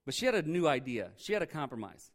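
A man's voice: a little high, quick pace. Joking man preaching a casual sermon. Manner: joking, animated, sarcastic asides. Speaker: pastor. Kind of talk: conversational Bible-teaching sermon.

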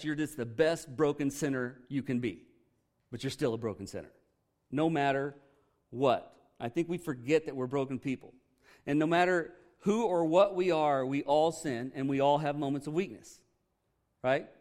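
A man's voice: on the high side, moderate pace, darkish tone. A man, a pastor preaching a conversational sermon with candid, joking asides.

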